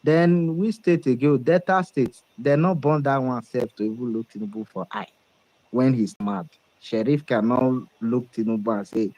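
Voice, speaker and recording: A man's voice: mid-range voice, normal speed, a little mellow, poor audio. Confident Nigerian man, political commentator. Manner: emphatic, confident predictions.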